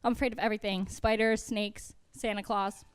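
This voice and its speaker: A young woman comedian performing a self-deprecating stand-up set with a deadpan delivery on a college TV studio stage. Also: medium pitch, brisk.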